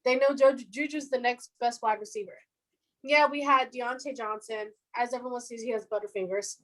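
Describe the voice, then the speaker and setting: A chatty young woman in her 20s co-hosts a podcast, talking football casually in a fairly high voice at normal speed. She's animated and laughs often, a fan of the team who says "our defense." The recording is low quality.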